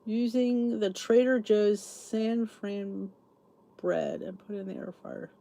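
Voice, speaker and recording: Speaking slowly in a warm, gravelly, mid-range voice with fairly even intonation, this middle-aged podcast host is drowsy and keeps yawning. Her talk wanders as she muses aloud and responds to live comments in a laid-back chat.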